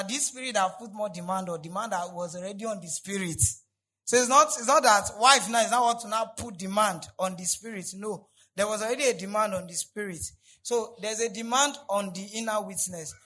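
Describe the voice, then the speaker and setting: A man delivers a sermon in a high, bright voice. He repeats key lines and swings from quiet asides up to loud, emphatic peaks. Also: poor audio. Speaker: pastor.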